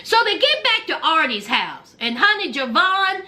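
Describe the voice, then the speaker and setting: A woman's voice: extremely high pitch, big pitch swings, normal speed, sharp tone. A woman recapping a reality show in casual chat, sassy and teasing, calling her viewers honey and child.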